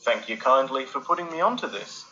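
A man voicing a cheerful, curious gentleman mathematician in a storybook, formal and inquisitive in manner. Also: mid-range voice, animated, a little fast, muffled recording, pitched above the performer's own voice. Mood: pleased.

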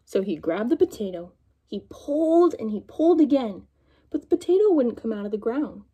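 A young woman reading a picture book aloud to children, in an animated storytelling manner and asking her young listeners questions. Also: fairly high pitch, moderate pace, slightly rough.

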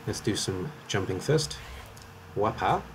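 A man's voice: fairly low pitch, brisk, noisy background. A man from Wales with a slight Welsh accent, commentating live on his game in a chatty, rambling way and often correcting himself. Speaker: streamer.

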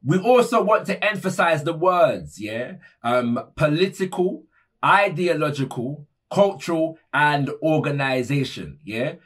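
Brief: male presenter, husky and slightly high, casual teaching tone, keeps checking in with the listener. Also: lively intonation, unhurried, a bit bright. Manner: conversational, many tag questions and fillers. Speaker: educator presenting a video series. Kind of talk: explanatory talk to camera.

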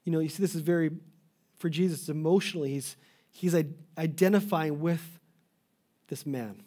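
A middle-aged man preaches a sermon with earnest, pleading emphasis, sometimes breaking off and restarting a phrase. His voice sits a little high but sounds mellow and warm. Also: moderate pace. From Canada. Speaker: pastor.

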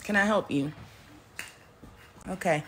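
At home indoors, a woman films a casual family vlog on a handheld phone, teasing and chanting playfully. Her voice is on the low side, a bit bright, and she takes it slowly. The home phone recording is noisy.

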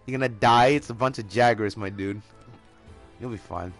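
Speaking at normal speed in a lowish voice, a man streams a monster hunting game and banters casually with a friend. He swears heavily, gets excited and laughs a lot while faint music plays behind him.

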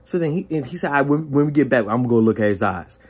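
Animated young man telling a story. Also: mid-range voice, very fast, husky. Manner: animated, acts out dialogue with exclamations. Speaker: vlogger telling a personal story. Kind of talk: casual testimony storytelling.

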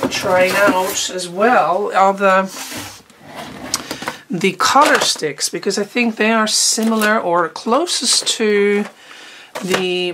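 A woman chatting casually while unboxing art supplies, rambling and often trailing off mid-sentence. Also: medium pitch. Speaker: art teacher. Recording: noticeable background noise.

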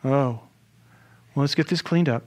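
Animated male pastor preaching. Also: medium pitch, a little slow. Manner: animated, rhetorical questions, humorous asides. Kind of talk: sermon.

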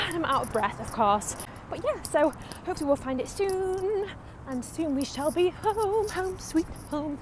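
A woman's voice: sits high, lively intonation, normal speed. Chatty young woman vlogging. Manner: chatty, self-mocking. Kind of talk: casual vlog commentary. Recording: noisy street and crowd background.

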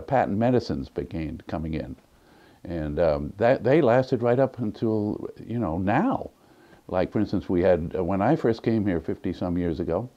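Deep-voiced older man telling folksy stories. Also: warm tone, dull audio. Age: 70s. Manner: folksy anecdotal storytelling with fillers. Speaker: almanac editor. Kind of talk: documentary interview.

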